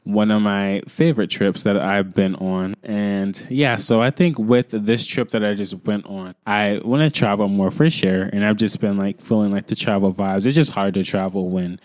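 A young man hosting a podcast, telling a rambling casual story full of fillers, in quick bursts. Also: lowish voice, a little mellow, no room sound, clean studio sound. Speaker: podcast host.

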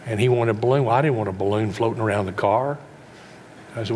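A man's voice: fairly low pitch, fast talker, darkish tone, a little hiss or hum. A middle-aged male pastor preaching a sermon, folksy and full of rhetorical questions to the congregation.

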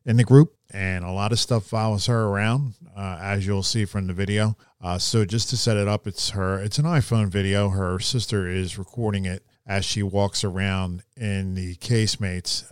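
A man hosting a podcast, talking in a relaxed way with many fillers. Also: fairly low pitch, clean tone, no echo, clean studio sound. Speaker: podcast host. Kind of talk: casual podcast chat.

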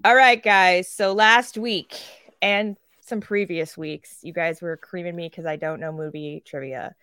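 A woman co-hosting a casual podcast. She rants in a lively way, swears freely and acts out quoted characters. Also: on the low side, measured pace, clean tone, no room sound, studio quality. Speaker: podcast co-host.

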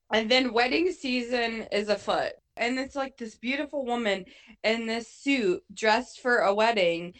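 A woman's voice: a little high, fairly bright tone. A woman recapping a movie in casual chat, swearing a lot and acting out her own reactions. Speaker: co-host.

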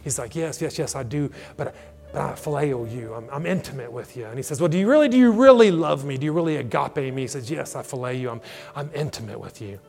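Gravelly preaching man in a reverberant church hall. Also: mid-range voice, a little fast, a little mellow. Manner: dramatic preaching, acting out scripture dialogue. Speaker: pastor. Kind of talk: sermon. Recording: long hall reverb with faint music.

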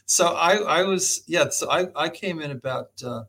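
A man's voice: a little high, moderate pace, gravelly, bright, forceful tone, husky. A man talking as a guest professor on an interview show, telling stories animatedly and laughing often. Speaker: guest, medical school professor. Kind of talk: storytelling interview talk.

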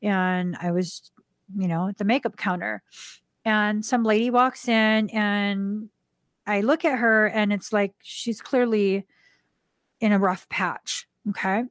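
A woman hosts a spiritual podcast and tells a personal story in a chatty way, lively one moment and soft the next. Her voice sits in a middle range. The recording is close and dry. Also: a little slow, no echo. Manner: animated, acts out quoted dialogue in a higher voice; drops to a soft, hushed voice for tender moments. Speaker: podcast host. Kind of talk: casual storytelling.

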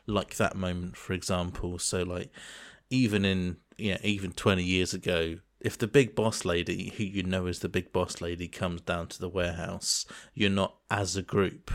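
A man in casual chat as a co-host, talking earnestly in long, searching sentences. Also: low voice. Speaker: podcast co-host.

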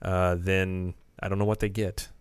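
A man's voice: deep voice, flat delivery, moderate pace, clear, resonant tone, no room sound. Rambling joking male podcast co-host. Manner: rambling, joking, self-correcting. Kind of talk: casual podcast chat.

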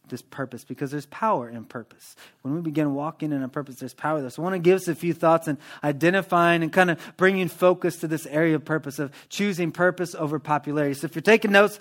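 A man preaching a sermon in a church, in a lively, conversational manner that acts out everyday prayers. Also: fairly high pitch. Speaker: pastor.

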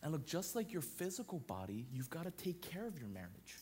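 Man, thirties, pastor, sermon, emphatic repetition, fairly high voice. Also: big pitch swings, brisk, a little mellow, a little hiss or hum. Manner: emphatic preaching with repeated parallel phrases.

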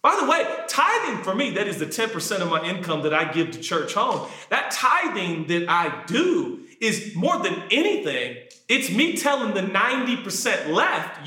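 Animated high-voiced preacher man, echoey room. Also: normal speed, few pauses. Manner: animated, swings from shouting to low asides. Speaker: pastor. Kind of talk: sermon.

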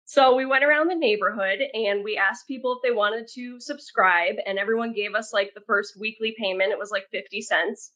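A woman guest on a podcast telling stories casually, chatty and expressive. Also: mid-range voice, fairly quick, hardly any pauses. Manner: chatty, talks with her hands, many "like" fillers. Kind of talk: casual storytelling.

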